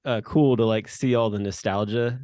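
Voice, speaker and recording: Speaking at a moderate pace, a man in his thirties chats casually as a podcast co-host, wandering off track and restarting often amid many fillers. His voice sits on the low side, with a steady tone and a darkish color. There's no room sound, and the quality is studio level.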